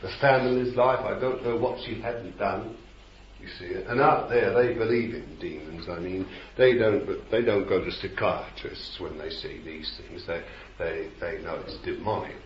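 A man preaches a rambling sermon, repeating himself and then breaking into sudden shouts. His voice sits low. The recording is old and dull, with a roomy echo and faint hiss. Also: moderate pace.

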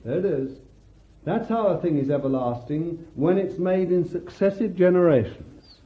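A man preaching a sermon with fervor, calling out hallelujahs and swinging between loud bursts and hushed words. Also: fairly high pitch, lively intonation. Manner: slow deliberate delivery, stretching key words. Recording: echoey hall, tinny lo-fi sound.

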